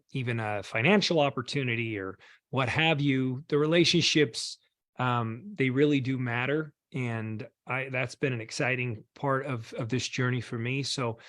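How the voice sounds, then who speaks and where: A man's voice: medium pitch, a bit bright, no room sound. Male host, casual video call chat; effusive, appreciative delivery, dry sound.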